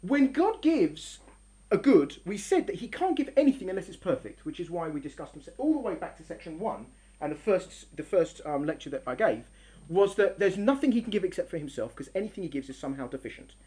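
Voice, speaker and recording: A woman giving a religious lecture to a live audience in a room, telling story analogies in an animated way, acting out scenes and often restarting her sentences. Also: on the low side, a little fast.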